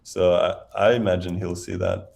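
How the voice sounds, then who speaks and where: Male commentator, low voice, chatty analytical live game commentary. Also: monotone, normal speed, creaky, darkish tone. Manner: chatty, analytical, often laughing.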